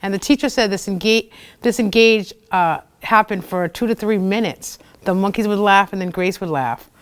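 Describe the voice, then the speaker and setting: A woman's voice: medium pitch, moderate pace, clean tone. A woman in her thirties hosting a local TV show, telling personal stories in a chatty way, full of fillers and acted-out quotes. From United States. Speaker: host of a community TV show. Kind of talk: personal storytelling talk.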